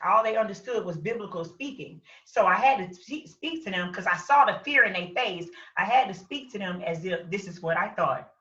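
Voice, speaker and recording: A woman telling a personal story as an interview guest, animated, acting out her own shouts and quotes. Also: fairly low pitch. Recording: roomy, distant, dull lo-fi sound.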